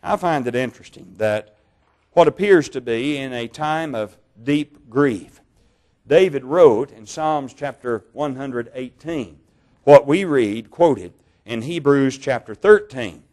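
A man preaching a sermon, reading Bible passages in a measured way, slowing down on key words and correcting his own slips. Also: mid-range voice, lively intonation, a little mellow. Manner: measured, slow over key words, stumbles on names and corrects himself.

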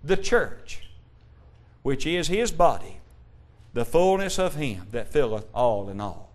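A man preaching a sermon, asking the congregation rhetorical questions and quoting old-style scripture, shifting between loud emphasis and hushed tones. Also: fairly high pitch, very animated, takes it slowly. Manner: King James scripture quotations.

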